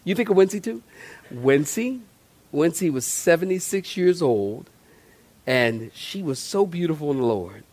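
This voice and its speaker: Man preaching, folksy and chatty, fairly high voice, church sanctuary. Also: lively intonation, measured pace, darkish tone. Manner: folksy, conversational preaching with playful asides. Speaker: pastor. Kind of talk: sermon.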